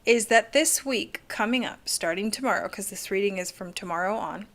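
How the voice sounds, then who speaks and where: A woman's voice: mid-range voice, moderate pace, a bit bright. A woman hosting a live-streamed card reading, gushing and chatty and full of "like".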